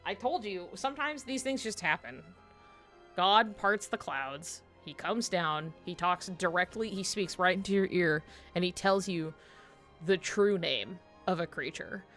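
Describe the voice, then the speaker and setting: A woman streams a video game from home, chatting casually and spinning animated stories punctuated by lots of giggles. Her voice is on the low side and unhurried, with soft music playing in the background.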